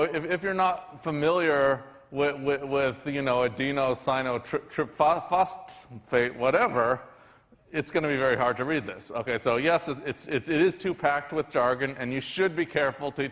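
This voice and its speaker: A man's voice: fairly high pitch, fairly bright tone. A man giving a university lecture in a conversational way, often restarting his sentences. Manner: conversational, frequent restarts and fillers. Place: lecture hall. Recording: lecture hall with long reverb.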